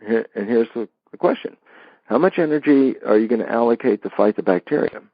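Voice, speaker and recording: A man being interviewed, explaining ideas with lively stories and acted-out dialogues. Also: mid-range voice, brisk, husky, dry recording, muffled recording. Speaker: interview guest. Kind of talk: animated explanatory interview talk.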